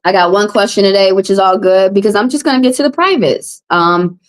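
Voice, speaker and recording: A woman's voice: mid-range voice, a little fast. A woman tarot reader from the American South, ranting to her live-stream chat in an upset, confrontational way and repeating herself. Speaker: tarot reader and livestream host. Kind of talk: heated live-stream rant.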